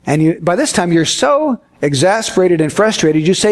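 A pastor preaching a sermon to his congregation, earnest and folksy, telling a homespun story with gentle humor. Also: high voice, very animated, normal speed, few pauses.

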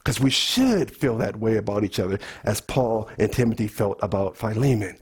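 A man's voice: on the low side, expressive, moderate pace, slightly rough. A man preaching a sermon, earnestly questioning his congregation.

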